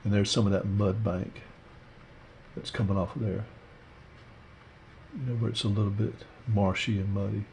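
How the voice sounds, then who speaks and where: A man teaching a watercolor painting demo, talking through his steps in a relaxed, rambling way with lots of fillers. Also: lowish voice, moderate pace, creaky, long pauses, slight background noise. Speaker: art instructor. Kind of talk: casual painting demonstration.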